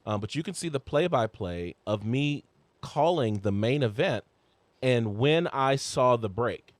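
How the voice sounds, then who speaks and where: Excited podcast host with a dry voice. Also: male voice, measured pace, no echo. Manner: restarts a lot, voice jumps high when excited. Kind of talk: casual sports chat.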